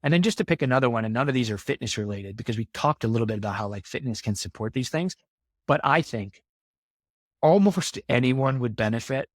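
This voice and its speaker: A man's voice: fairly low pitch, no echo, studio quality. A man talking as a podcast guest in casual interview talk, earnest and motivational, repeating himself for emphasis.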